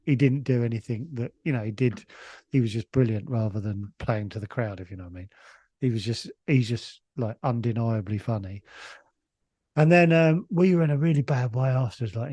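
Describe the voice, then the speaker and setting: A middle-aged Englishman who is a comedian guest speaks at normal speed with a mellow, medium-pitched voice and no room sound. His casual anecdote wanders, full of restarts and laughs.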